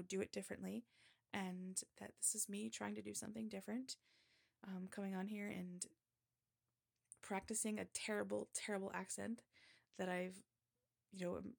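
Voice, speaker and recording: A woman's voice: medium pitch, level tone, moderate pace, gravelly. A woman chatting casually and rambling in a self-deprecating way before and after a reading. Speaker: amateur reader. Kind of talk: casual chat.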